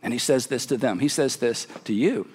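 A man's voice: medium pitch, moderate pace, slightly rough. A man pastor preaching a sermon in a conversational, storytelling way, with emphatic asides. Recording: long hall reverb.

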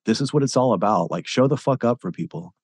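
A man hosting a podcast, talking enthusiastically and warmly affirming his guest. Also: medium pitch, lively intonation, fast, husky, no room sound, clean studio sound. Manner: enthusiastic, affirming, swears casually. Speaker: podcast host. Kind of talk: casual conversation.

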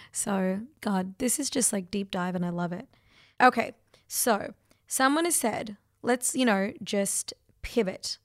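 A woman in her thirties, a podcast host from Australia, chatting casually and emotionally as she answers listener questions from her couch, full of fillers and quick asides. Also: medium pitch, no room sound, studio quality. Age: 30s. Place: sitting on a couch at home.

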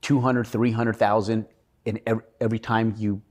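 A man's voice: fairly low pitch, flat delivery, normal speed, darkish tone. A man being interviewed, talking earnestly about his own experience. He rambles and often restarts his sentences. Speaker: podcast guest. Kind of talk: casual interview storytelling.

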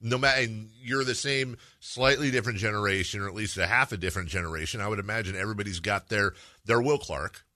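Joking low-voiced male sports radio host. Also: sharp tone, dry recording. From San Francisco Bay Area. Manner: joking, quick to laugh, interrupts. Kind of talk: casual sports talk.

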